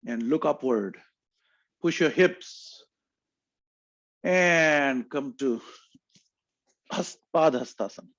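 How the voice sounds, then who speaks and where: Male yoga teacher, slow unhurried cues, slightly high voice, dry muffled sound. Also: no room sound. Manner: calm, slow cueing of breath and poses, chants mantras. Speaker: yoga instructor. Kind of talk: guided yoga instruction.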